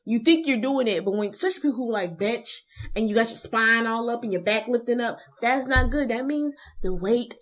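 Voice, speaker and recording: Young woman cohost just chatting, lively and goofy, slips into little voices mid-story. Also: on the high side, a little fast. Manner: animated, acts out little voices while telling stories. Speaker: co-host. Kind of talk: casual chat.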